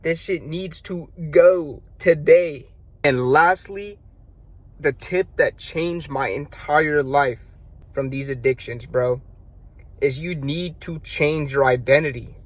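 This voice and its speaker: A man's voice: a little high, a bit bright, no room sound. A young man telling a story and giving blunt, profane, slang-heavy self-improvement advice. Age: young adult. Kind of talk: casual advice monologue.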